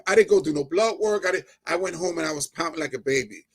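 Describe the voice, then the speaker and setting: Talking fast with few pauses in a voice on the high side, this middle-aged man from New Jersey gives an emotional testimony as an interview guest. He's animated, laughing often and raising his voice when he gets excited.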